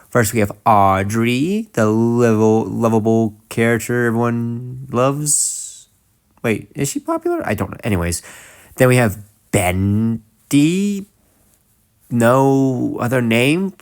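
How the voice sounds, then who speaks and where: A young man chats through a game's characters in a loose, joking way, often cutting himself off mid-thought. His voice sits low, and the recording is close and dry with no room sound. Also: dry recording. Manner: rambling, jokey, self-interrupting. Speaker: video creator. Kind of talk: casual fan commentary.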